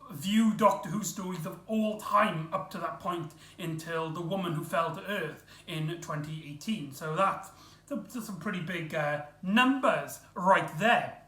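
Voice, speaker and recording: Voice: mid-range voice, fairly bright tone. A vlog host talking in a chatty, rambling way, full of fillers and restarts. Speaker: vlogger host. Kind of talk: casual vlog review. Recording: echoey room.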